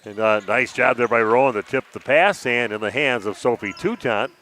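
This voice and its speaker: A man calling high school basketball play-by-play on local radio, brisk and steady with the odd "uh". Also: a little hiss or hum. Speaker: play-by-play announcer. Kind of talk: live basketball commentary.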